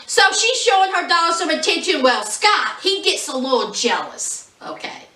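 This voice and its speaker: A woman recapping a reality show in a sassy, mocking, animated way. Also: high voice, moderate pace, echoey room, far from the mic. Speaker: reality TV reviewer. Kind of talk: casual recap commentary.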